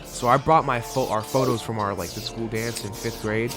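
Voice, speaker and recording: A man's voice: medium pitch, fairly even intonation, moderate pace. A young man telling a rambling, swear-filled personal story while playing a video game. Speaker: gaming channel host. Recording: loud background music.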